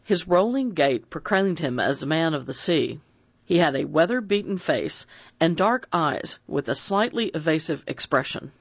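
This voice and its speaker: A narrator reading a mystery novel aloud in an expressive, dramatic audiobook style. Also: mid-range voice, normal speed, husky, no echo. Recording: dry dull lo-fi recording.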